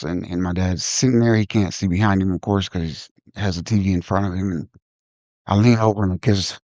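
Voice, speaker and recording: Low-voiced man telling a personal story. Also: darkish tone, dry recording, highs cut off. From Ohio. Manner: reflective, halting with frequent restarts. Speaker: podcast host.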